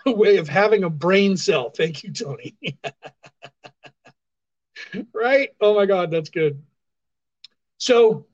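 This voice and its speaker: A man's voice: fairly high pitch, muffled recording. A man hosting a livestream, ranting in sarcastic casual commentary and repeating his points for emphasis. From California, US. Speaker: livestream show host. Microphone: phone.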